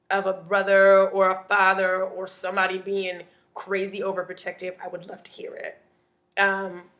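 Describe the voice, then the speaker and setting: A woman comedian telling a comic story in an animated, punchy way, often adding "okay?". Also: mid-range voice.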